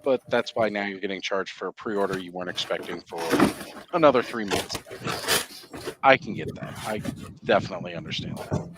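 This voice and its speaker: A man hosting a live stream, chatting casually and explaining at length in a relaxed, rambling way. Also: sits low, a little fast, heavy background noise. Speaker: livestream host. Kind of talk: casual chat.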